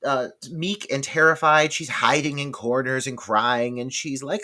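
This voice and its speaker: A man's voice: mid-range voice, steady tone, unhurried, few pauses, pushed and bright. A man co-hosting a film podcast, talking casually and swearing freely. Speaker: podcast co-host.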